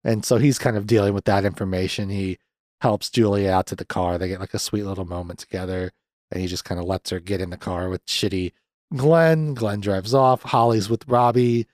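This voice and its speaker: A man's voice: lowish voice, steady tone, brisk, darkish tone, no echo, clean studio sound. A man in his thirties hosting a podcast, chatting casually and ramblingly about a film and swearing freely. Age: 30s. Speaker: podcast host. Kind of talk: casual movie review chat.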